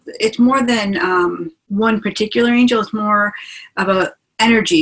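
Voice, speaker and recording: A woman's voice: mid-range voice, fairly bright tone, low-quality recording. A woman hosting a webinar as a spiritual teacher, talking in a chatty, enthusiastic way over a video call. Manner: chatty and enthusiastic, asks listeners along. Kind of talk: casual teaching talk.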